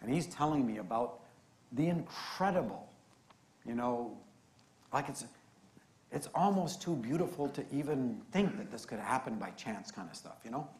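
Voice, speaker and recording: Male preacher, conversational storytelling, mid-pitched voice, roomy echoing sound. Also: expressive, normal speed, a little mellow. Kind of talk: storytelling sermon. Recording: roomy echo.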